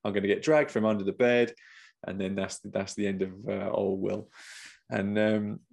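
A man's voice: fairly low pitch, steady tone, normal speed, vocal fry, a little mellow. A man in casual chat, telling a story animatedly and acting out the voices of the people in it.

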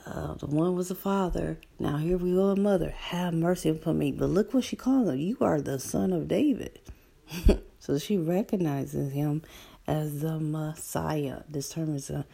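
A woman preaches in a low, gravelly voice with a husky edge. She talks to her listeners conversationally and asks them rhetorical questions. At times she drops her voice to a near whisper for emphasis. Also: dark tone. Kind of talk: sermon.

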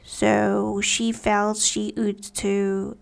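A woman's voice: mid-range voice, little pitch movement, drawn-out words, creaky. A woman narrating a storybook in a careful read-aloud way. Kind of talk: storybook reading.

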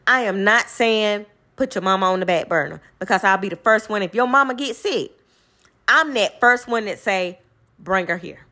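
A woman speaking in a casual storytelling monologue, emphatic and animated, and she repeats her points for stress. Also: medium pitch, moderate pace. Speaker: vlogger; caregiver in medical field.

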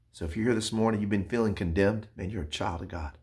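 A man preaching a sermon in an earnest, pleading way, often dropping to soft, hushed tones. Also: lowish voice, fast. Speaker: pastor.

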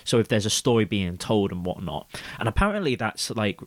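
A man's voice: on the low side, brisk, no echo. A man in his twenties chatting on a podcast, swearing freely and filling gaps with lots of yeahs. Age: 20s. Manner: swearing, lively, many fillers. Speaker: podcast host. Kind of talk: casual chat.

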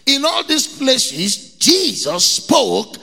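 Middle-aged Nigerian man, pastor delivering an emphatic sermon, high gravelly voice. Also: sing-song, extremely slow, pushed and bright, long reverb tail, soft background music. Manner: emphatic preaching, repeats key words, mimics people in anecdotes.

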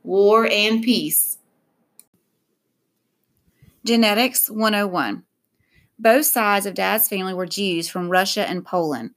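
A woman reading a novel aloud in a steady, even narration. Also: mid-range voice, moderate pace. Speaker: reader.

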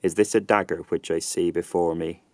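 A man reciting a brooding Shakespearean soliloquy in a reconstructed early 1600s Southern English accent, slowly and deliberately. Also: sits low, steady tone, a little mellow, a little hiss or hum, natural voice. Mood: haunted. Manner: slow, deliberate dramatic recitation. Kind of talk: dramatic verse reading.

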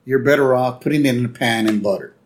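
A man co-hosting a podcast, chatting casually and acting out cartoon lines in quick voices. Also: mid-range voice. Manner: animated, acts out character lines in quick voices. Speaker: podcast co-host. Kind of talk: casual chat recapping a cartoon episode.

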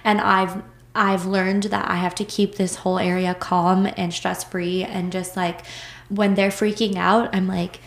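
A woman speaking at a middle pitch in a relaxed, chatty podcast conversation. She works wedding hair and makeup, and she often quotes what she said to people. Her voice carries a roomy echo. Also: unhurried, vocal fry. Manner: chatty, lots of fillers, quotes herself. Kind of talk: casual chat.

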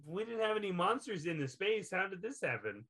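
A man's voice: sits high, big pitch swings, brisk, bright, forceful tone. A man co-hosting a casual film chat, skeptical and wry. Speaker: podcast co-host. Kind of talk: casual chat about films.

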